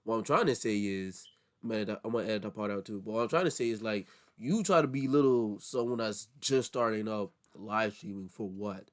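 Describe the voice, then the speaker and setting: A man's voice: fairly low pitch, moderate pace. A man hosting a reaction video, talking in loose, rambling commentary that stumbles and restarts often.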